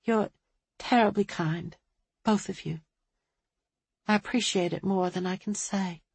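A woman voicing a nervous grieving widow who speaks in a hushed, careful, faltering way. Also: medium pitch, measured pace, slightly rough, no room sound. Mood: muffled.

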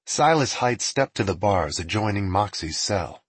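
Expressive, husky male storyteller. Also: lowish voice, measured pace, few pauses, no echo. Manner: expressive reading. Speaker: narrator. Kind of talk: storybook narration.

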